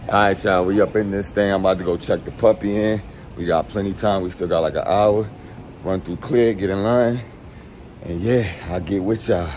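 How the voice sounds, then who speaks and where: A man's voice: sits low, steady tone, moderate pace, a little mellow. A man vlogging casually while traveling, talking slangy to his viewers and often repeating words. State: out of breath. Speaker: vlogger delivering a puppy. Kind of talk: casual vlog talk to camera. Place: airport and car. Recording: noisy phone recording.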